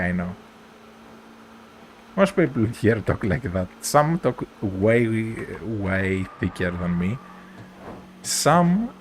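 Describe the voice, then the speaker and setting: A man with a Greek accent, chatting casually with his viewers while streaming a racing game, in a relaxed, rambling way. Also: on the low side, a little hiss or hum. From Greece. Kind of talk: casual gameplay chat.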